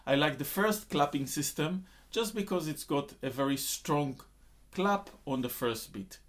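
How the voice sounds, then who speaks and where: A man's voice: a little high, animated, a little slow. Man teaching rhythm, counting syllables aloud. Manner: counts in and recites konnakol syllables loudly in time. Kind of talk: instructional lesson with spoken rhythm syllables.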